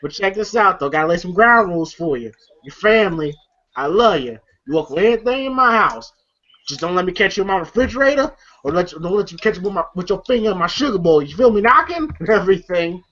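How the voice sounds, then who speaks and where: A man's voice: high-pitched, lively intonation, quick pace, sharp tone. A man casually recapping a comedy film with a friend, quoting scenes and laughing often. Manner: retells scenes, quoting lines and laughing a lot. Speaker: movie reviewer. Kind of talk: casual movie recap chat. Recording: dull lo-fi sound.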